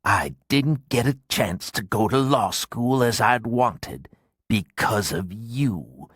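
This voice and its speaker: Guy doing a deep gravelly ghost man, cold and spiteful, slow and swinging up and down, dry sound. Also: no echo, exaggerated voice. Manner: menacing, speaks through clenched teeth. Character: vengeful dead man, cold, merciless, spiteful. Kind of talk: audiobook character voice.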